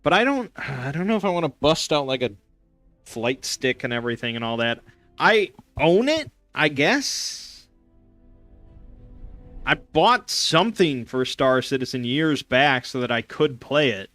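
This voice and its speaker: A man's voice: mid-range voice, expressive, a little slow, fairly bright tone, no room sound, soft background music. A young man hosting a casual gaming stream, rambling sarcastically with lots of fillers and restarts.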